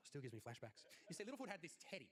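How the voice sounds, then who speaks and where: An Australian man doing a stand-up comedy set, brash and crude with punchy deadpan lines. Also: a little high, slight background noise.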